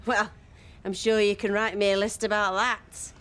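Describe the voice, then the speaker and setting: An actress playing a drunk, jealous young woman in a soap drama, sarcastic and shouting. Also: medium pitch, level tone, normal speed, clear, resonant tone, lightly acted. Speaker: actor in a television soap.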